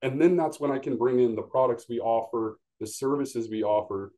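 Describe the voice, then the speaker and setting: A man's voice: mid-range voice, normal speed, mellow. A man, a sales manager talking bluntly and animatedly as a podcast guest, acting out quotes as he tells stories. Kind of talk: casual podcast conversation.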